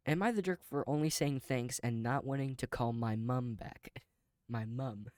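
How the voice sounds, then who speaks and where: A man's voice: medium pitch, unhurried, darkish tone, no room sound. A man in a casual reaction video reads online posts aloud in a mid-range voice, then breaks off to comment and chuckle. The sound is close and dry, with no room around it.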